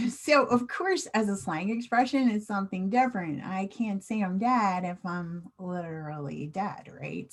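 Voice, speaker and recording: Slow, clear American woman teaching. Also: mid-range voice, darkish tone. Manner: slow, clear teacher talk with questions to the viewer. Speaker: English teacher. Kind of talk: online slang lesson.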